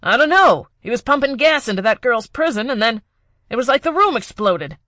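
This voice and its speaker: A rattled henchman blurts out news in a high, loud, panicked voice, as a woman narrator puts him on. The recording is dry and close. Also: animated, brisk, no echo. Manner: shouting, panicked.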